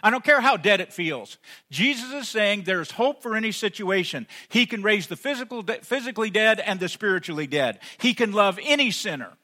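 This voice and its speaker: A man preaching a sermon as pastor, rising to emphatic peaks and then dropping soft and intimate. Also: high voice, animated, fairly quick. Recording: long hall reverb.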